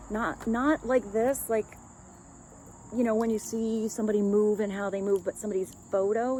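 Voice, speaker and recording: A woman's voice: mid-range voice, mellow, slight background noise, rough recording. A woman giving a casual, rambling love reading as a tarot reader, chatting with light laughs.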